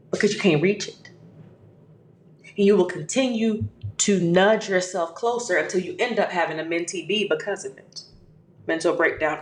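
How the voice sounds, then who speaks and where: A podcast host with a lowish voice gives a motivational talk full of emphatic, repeated affirmations, calling the listener "baby." The recording has an echoey room sound and slight background noise.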